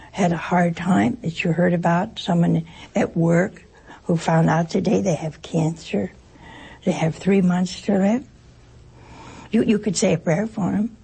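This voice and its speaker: Brief: gravelly woman with a very husky voice, folksy anecdotal speaker who plays out little dialogues. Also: medium pitch, a little mellow, low-quality recording. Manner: folksy, joking storyteller; acts out short exchanges in other voices. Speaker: speaker addressing an audience. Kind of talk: informal spoken talk with anecdotes.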